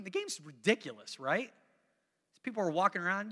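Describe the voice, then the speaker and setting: A man's voice: sits high, lively intonation, fast talker, gravelly, bright, forceful tone, big-room sound. A man preaching a sermon as pastor, talking to the congregation in a conversational way, repeating phrases for emphasis and coaxing people to join in.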